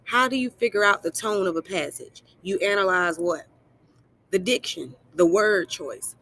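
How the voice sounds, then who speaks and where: A woman's voice: fairly low pitch, moderate pace, fairly bright tone, a little hiss or hum. A woman teacher talking students through a worksheet in a recorded lesson, asking questions and answering them herself, and reassuring them. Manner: encouraging, affectionate toward students. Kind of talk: recorded screen-share lesson.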